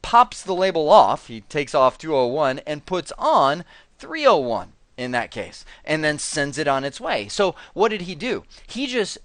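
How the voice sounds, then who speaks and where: A man teaching networking at a whiteboard, animated and chatty, acting out devices in quoted voices as he explains. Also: a little high, a little slow, no echo. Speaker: networking instructor. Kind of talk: whiteboard technical lecture.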